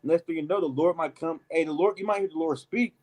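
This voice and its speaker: A man leading a casual, animated Bible study, reading verses and adding emphatic asides like "man" and "right?". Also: a little high, fast talker, rough recording. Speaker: Bible teacher. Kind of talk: street-style Bible study preaching.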